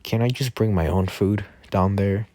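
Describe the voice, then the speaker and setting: A man's voice: fairly low pitch, normal speed, a little mellow, no room sound, close to an everyday voice. A man voicing a nervous teenage boy hero, hesitant and questioning, with many fillers. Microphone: Discord voice chat.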